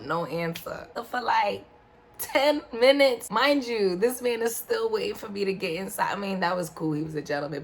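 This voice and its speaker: A woman telling a story in a casual, animated way, with slangy asides and sudden exclamations. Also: a little high. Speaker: vlogger. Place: indoor room in front of a backdrop.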